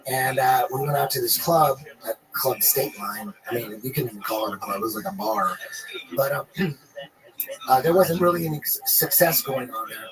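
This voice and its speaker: A man's voice: mid-range voice, normal speed, over a noisy crowd, rough recording. A man guest on a podcast, telling a rambling, profane story in a laid-back, casual way.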